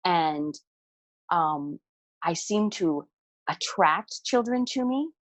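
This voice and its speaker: A woman with a somewhat low voice, a podcast guest telling anecdotes with easy amusement and plenty of "um" and "like". It is recorded dry and close. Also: takes it slowly, no room sound. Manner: relaxed, amused storyteller with frequent fillers. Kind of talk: casual storytelling conversation.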